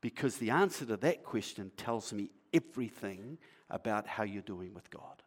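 A male pastor preaching in a conversational, playful way, asking the congregation questions and sometimes dropping to a quiet, earnest tone. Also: lively intonation, moderate pace, breathy edge. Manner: acts out a shopkeeper's sales pitch. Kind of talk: sermon.

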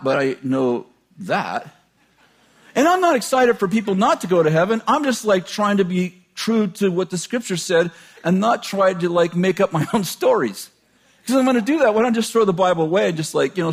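A man with a gravelly voice preaches an informal, conversational sermon. He jokes and chuckles often, swinging between loud bursts and quiet asides.

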